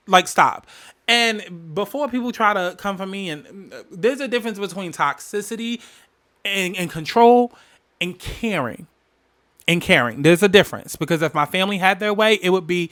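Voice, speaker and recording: A man's voice: high voice, lively intonation, moderate pace, fairly bright tone. A man hosting a podcast, telling a personal story in an emphatic, candid way. He repeats phrases for weight and swears freely. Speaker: podcast host.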